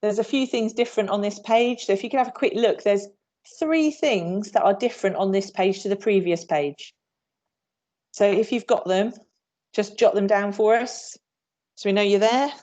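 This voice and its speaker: A woman's voice: medium pitch, moderate pace, darkish tone. Woman, from England, upbeat, PE trainer, video call presentation. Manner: upbeat, demonstrates moves while talking. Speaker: PE trainer leading a teacher workshop.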